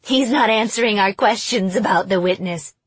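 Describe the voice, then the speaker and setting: A woman's voice: mid-range voice, husky, no echo, natural voice. A woman voicing a mocking teenage girl who acts possessed and fires sly questions. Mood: taunting. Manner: taunting, sly, rapid questioning.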